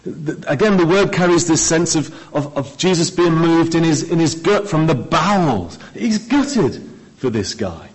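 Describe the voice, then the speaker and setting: A man preaching a sermon, expressive, with dramatic pauses and key words trailing off low. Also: husky, rough recording.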